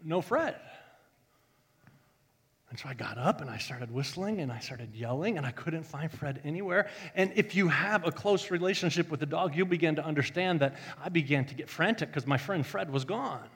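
A male pastor telling a story in a sermon, joking and animated, swinging from loud bursts to hushed tones. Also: on the high side, normal speed, slightly rough, long reverb tail.

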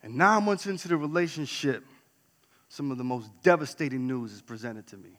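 A man from New York telling a candid personal story on stage, swinging between loud outbursts and hushed asides. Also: mid-range voice, a little fast. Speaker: speaker. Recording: long hall reverb.

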